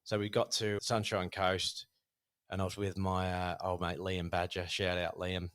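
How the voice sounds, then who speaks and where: A man, a guest telling a casual, animated story about his boxing past with many fillers. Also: sits low, moderate pace. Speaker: podcast guest, former Thai boxer.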